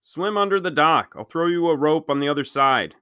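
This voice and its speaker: A man's voice: a little high, expressive, fairly quick, sharp tone, smooth, no echo, clean studio sound, voice pushed up. A man reading a storybook aloud, voicing an urgent, commanding mustached man who directs a rescue from a dock. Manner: urgent, bossy and insistent. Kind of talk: read-aloud character voice.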